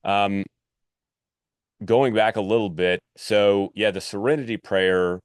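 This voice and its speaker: A man with a very low voice hosts a relaxed interview. He thinks out loud as he talks, with plenty of "uh" and "like" between his points. The sound is dry and close to the mic. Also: slow pace, smooth, no echo. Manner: loose, thinks aloud, lots of "uh" and "like". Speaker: podcast host. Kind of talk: casual interview chat.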